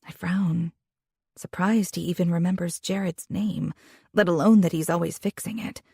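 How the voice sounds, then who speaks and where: A young woman reading a first-person romance audiobook in an expressive, intimate way, with a husky voice. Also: on the low side, moderate pace, no echo, studio quality. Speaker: audiobook narrator.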